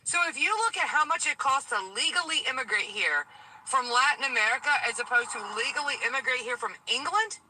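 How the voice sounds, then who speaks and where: A woman's voice: high voice, lively intonation, a little fast, bright, forceful tone, husky, dry recording, rough recording. A woman in her late forties from Tennessee, calling in to a talk show and telling her story emphatically. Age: late 40s. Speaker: caller. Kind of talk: call-in show conversation.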